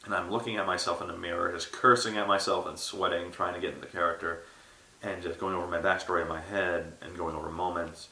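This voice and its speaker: A man's voice: low-pitched, fast. A young man, an aspiring actor, telling stories in a casual interview and acting out the people in them. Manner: animated storyteller, acts out quotes. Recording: roomy echo.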